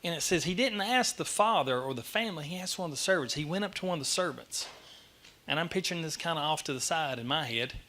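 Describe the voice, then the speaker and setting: A middle-aged lay speaker delivers a sermon in a church sanctuary, his voice bright and a little high. He talks fast and tells the story in an animated way, poking fun at himself as he goes.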